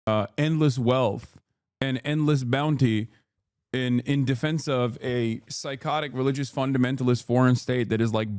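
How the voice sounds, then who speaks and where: A man's voice: mid-range voice, darkish tone, clean tone, no echo. A man streaming ranting political commentary, heated, profane and sarcastic, on a close mic.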